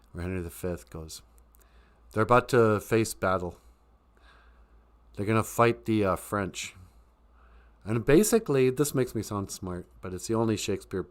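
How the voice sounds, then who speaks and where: A man hosting a casual livestream, joking and laughing often. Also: lowish voice. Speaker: livestream host and comic author.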